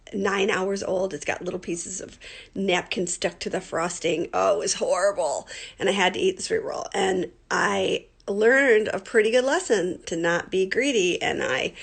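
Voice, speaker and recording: Gravelly, husky-voiced woman teacher. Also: medium pitch. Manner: chatty, animated, many fillers. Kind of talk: storytelling for a class. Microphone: computer mic on a screen recording.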